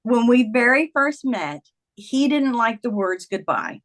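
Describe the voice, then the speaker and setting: A woman's voice: on the high side, very animated, unhurried, fairly bright tone. A woman guest in an interview, telling a personal story in earnest and acting out the dialogue of the people in it. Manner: vivid retelling that acts out quoted dialogue. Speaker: guest, author.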